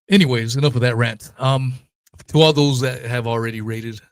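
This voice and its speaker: A man's voice: mid-range voice, no room sound. A man hosting his own podcast, ranting in a blunt, heated, profane casual monologue. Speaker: podcast host.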